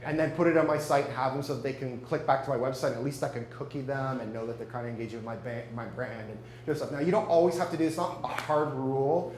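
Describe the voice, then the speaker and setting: At a marketing meetup, a man with a medium-pitched, slightly mellow voice talks quickly with hardly any pauses. He's chatty and jokes around, often questioning the audience, in an echoey room with a faint hum.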